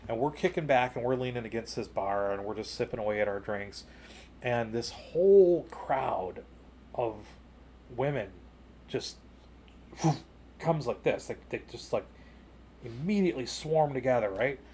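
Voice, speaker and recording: A man co-hosting a podcast, telling a long personal story in casual chat, full of "you know" and "like", rising higher and louder at the exciting parts. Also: unhurried, slight background noise. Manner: jumps higher and louder when retelling excited moments. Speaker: podcast co-host.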